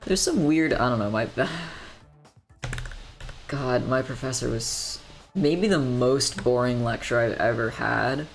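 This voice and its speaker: Young man, gravelly vocal fry, casual study-stream chatter, muttering to himself, faint background music. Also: mid-range voice, slow pace. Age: young adult. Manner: rambling, muttering to himself while working problems.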